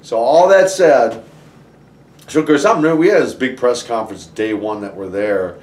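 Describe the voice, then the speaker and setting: Man guest, animated storyteller with frequent restarts, recorded roomy and a bit distant. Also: medium pitch, normal speed. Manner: animated, many restarts and "you know"s. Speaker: interview guest, former wrestler. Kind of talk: conversational storytelling. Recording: roomy, somewhat distant from the mic.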